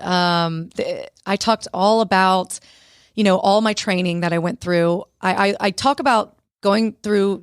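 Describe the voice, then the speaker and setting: A woman, an author and guest on a radio show, telling lively stories and acting out the dialogue. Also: medium pitch, dry recording, studio quality. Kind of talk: conversational interview storytelling. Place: radio studio.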